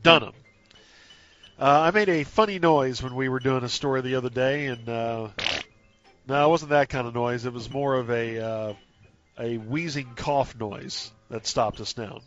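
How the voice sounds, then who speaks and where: A man hosting a sports radio show, bantering and taking calls with loud, cheerful greetings. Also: mid-range voice, moderate pace, dull audio, soft background music. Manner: laughing, upbeat, loud greetings to callers.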